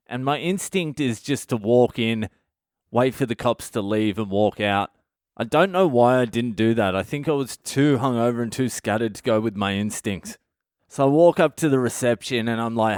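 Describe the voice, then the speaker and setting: A man, a comedian hosting his own podcast, telling a profane, animated story from his past. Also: mid-range voice, clear, resonant tone, no echo, studio quality. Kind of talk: storytelling monologue.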